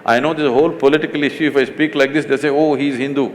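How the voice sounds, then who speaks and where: A middle-aged man with an Indian accent, a spiritual teacher in a stage conversation, talking emphatically with teasing asides and slow deliberate stresses. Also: fairly high pitch, fairly even intonation.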